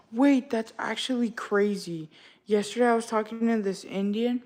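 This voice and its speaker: A woman's voice: on the high side, moderate pace, darkish tone. Young woman ranting casually to her chat. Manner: ranting, slang-heavy, exasperated. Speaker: livestreamer talking to chat.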